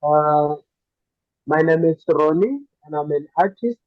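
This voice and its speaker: Man, hesitant, higher voice, dry phone-like sound. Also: unhurried, no echo. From South Africa. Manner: hesitant, many fillers. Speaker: artist. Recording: dry tinny call line.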